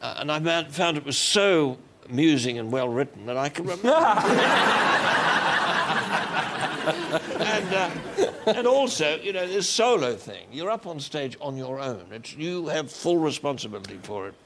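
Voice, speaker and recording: A man's voice: a little high, expressive. An older Australian man telling wry stories as a guest on a chat show. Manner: wry, unhurried storytelling. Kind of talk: anecdotal chat show talk. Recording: noisy television studio.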